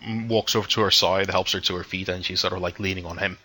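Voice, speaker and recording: Man, game master, low pitch, bright tone, descriptive, filler-heavy narration. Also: steady tone, fast, a little hiss or hum. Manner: descriptive, hesitant, many fillers.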